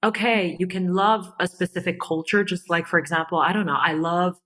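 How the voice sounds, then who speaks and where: Podcast guest, woman, low bright voice, thoughtful and laughing. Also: fairly even intonation, brisk, rough recording. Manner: thoughtful, laughs often, restarts sentences. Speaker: podcast guest, designer and content creator. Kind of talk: casual conversational interview.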